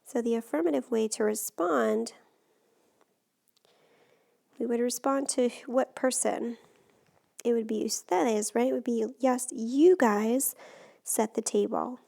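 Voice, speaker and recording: Gravelly-voiced woman teaching Spanish grammar. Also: fairly high pitch, slow, pauses often, dark tone. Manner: patient, step-by-step explaining. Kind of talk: recorded grammar lesson.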